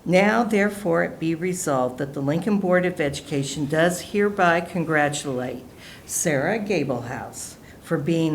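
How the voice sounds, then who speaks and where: Woman, lower voice, formal board resolution reading, faint hum. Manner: measured and formal. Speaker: school board member. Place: school board meeting room.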